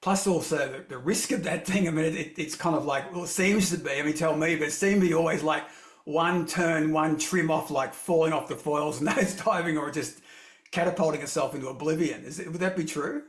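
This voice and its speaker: A man's voice: a little high, fairly quick. A man hosting a podcast interview, chatty and rambling, telling long anecdotes. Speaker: podcast host. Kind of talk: casual interview chat. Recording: echoey room.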